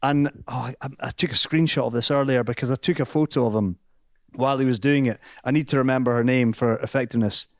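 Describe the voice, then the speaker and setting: A man guest telling an anecdote on a live show, halting and amused. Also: mid-range voice, steady tone, dry recording, clean studio sound. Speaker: guest storyteller.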